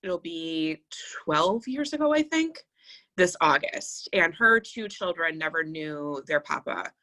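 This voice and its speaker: A woman's voice: low voice, lively intonation, unhurried, pushed and bright. A middle-aged woman co-hosting a podcast in casual chat, rambling and reflective with many fillers. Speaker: podcast co-host.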